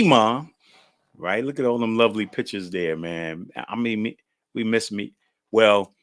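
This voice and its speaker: Podcast host, male, lower-pitched, bright and punchy tone, relaxed chatty storyteller. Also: no room sound, studio quality. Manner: chatty, laughing, folksy storyteller. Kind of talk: casual podcast monologue.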